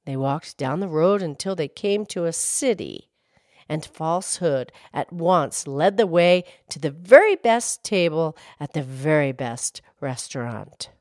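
A woman reading folk tales aloud in an expressive, measured storytelling manner. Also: low voice, no room sound, clean studio sound.

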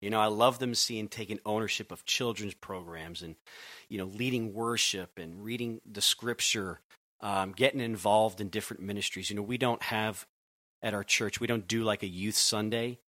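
A man's voice: lowish voice, steady tone, normal speed, pushed and bright, no echo. A youth pastor from Connecticut telling his calling story in an earnest, conversational way with frequent restarts. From Connecticut, USA. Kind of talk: conversational podcast interview.

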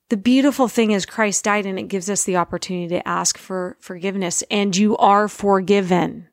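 Earnest woman with a gravelly edge. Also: mid-range voice, steady tone, no echo, clean studio sound. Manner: earnest, conversational, slows to stress points. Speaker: Christian speaker, parent. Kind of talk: informal faith talk.

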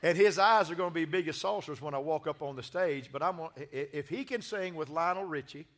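Bright, folksy preacher. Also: male voice, a little high, fast. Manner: folksy, joking and exuberant. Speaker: pastor. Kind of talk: church sermon with announcements. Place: church sanctuary.

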